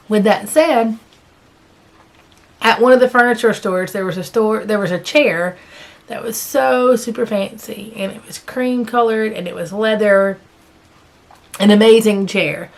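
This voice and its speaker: A woman chatting casually about her cross-stitch progress, rambling a little and correcting herself as she goes, sitting in a chair at home. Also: medium pitch. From American South. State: hiccups. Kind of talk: casual chat.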